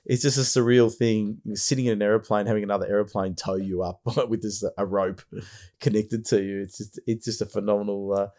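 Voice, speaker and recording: This podcast host chats enthusiastically in a casual, rambling way, often restarting his sentences. He speaks fairly quickly, with a fairly low, fairly even-pitched voice and a darkish tone.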